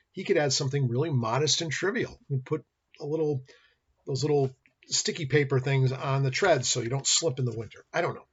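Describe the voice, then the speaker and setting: Folksy lecturer with a husky voice. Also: male voice, medium pitch, lo-fi sound. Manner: folksy storyteller, acts out dialogue. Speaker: college business law instructor. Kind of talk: recorded lecture with stories. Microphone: built-in computer or webcam mic.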